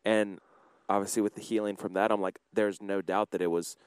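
A man's voice: on the low side, a little fast, smooth, no room sound. A man co-hosting a youth church podcast, talking casually with lots of fillers. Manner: relaxed, filler-heavy storytelling. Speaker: podcast co-host. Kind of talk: casual chat.

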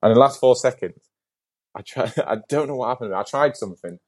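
A man chatting as a guest on an interview podcast, telling a story in a lively, casual way, with lots of "like" and the odd swear word. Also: mid-range voice, brisk.

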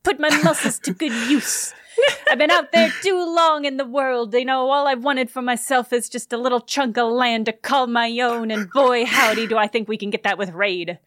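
A woman playing a swaggering skunk who has been on the road too long, brassy and old-timey. The voice sits a bit high and sounds close and dry. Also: moderate pace, a bit bright, no room sound, natural voice. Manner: brassy, old-timey, calls people doll. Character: tough, swaggering drifter skunk.

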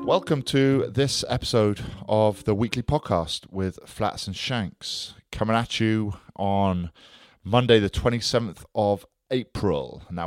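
Low-voiced man joking on a podcast. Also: dry recording, studio quality. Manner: jokey, teasing. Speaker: podcast co-host. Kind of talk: casual banter.

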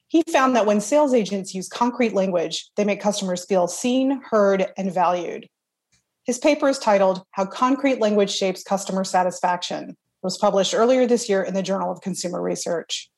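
A woman hosts a podcast. She reads a scripted introduction and asks interview questions in a clear, even, measured tone. Her voice sits at a mid pitch. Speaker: podcast host.

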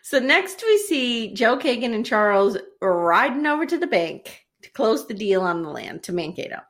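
A woman co-hosting a podcast, casually recapping a TV episode with jokey, animated storytelling. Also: a little high, normal speed. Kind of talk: casual chat.

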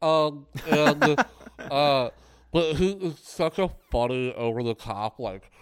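A man co-hosting a podcast, talking about a film in a loose, animated way with many fillers. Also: a little high, takes it slowly, clear, resonant tone, no room sound. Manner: animated, loose, says "like" a lot. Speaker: podcast co-host. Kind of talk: casual film discussion.

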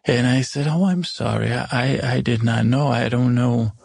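Speaking as Agatha, a remorseful older stepmother with a cruel past, a man improvises a first-person comic tale of her adventures. The voice is gravelly and husky yet a little mellow, medium in pitch and steady in tone, and it rambles along, stumbling and self-correcting. There's no room sound; it's dry and close.

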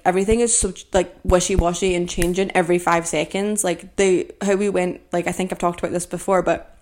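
Rambling young woman with lowish voice. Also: a little mellow. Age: 20s. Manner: rambling, filler-heavy with frequent "like"; self-deprecating, joking. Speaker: podcast host. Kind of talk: casual solo chat.

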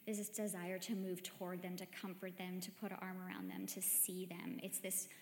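Gentle woman giving a devotional talk in an echoey hall. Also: fairly low pitch, little pitch movement, normal speed. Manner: gentle, reflective, conversational with soft hesitations. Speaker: meditation host. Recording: echoey hall with long reverb.

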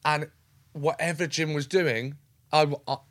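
A man's voice: a little high, fairly even intonation, a little slow, fairly bright tone, no room sound. A man speaking as a comedian guest in a casual interview chat, enthusiastic and rambling, acting out little scenes as he talks.

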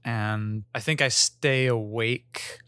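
A man's voice: medium pitch, fairly even intonation, slow pace, bright, forceful tone, smooth, no echo, clean studio sound. A man playing a tabletop role-play, talking hesitantly with lots of fillers and laughter. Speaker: player.

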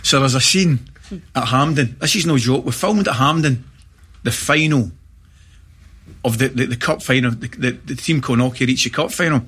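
Husky middle-aged Scottish man telling stories. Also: medium pitch, moderate pace. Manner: animated anecdotes with laughter and acted-out shouts. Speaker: guest. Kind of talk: storytelling in casual chat.

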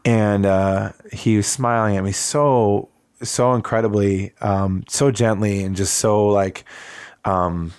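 A man in his forties from Wisconsin, telling a personal story in conversation, reflective and halting with many fillers. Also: lowish voice, steady tone, darkish tone, clear, resonant tone, no echo, studio quality. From Wisconsin, USA. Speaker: interview guest.

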